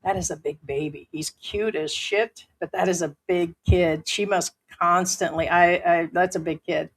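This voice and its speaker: A woman's voice: lowish voice, steady tone, moderate pace, slightly rough. A woman hosting a casual live stream from home, talking bluntly and swearing freely as she reads viewer comments.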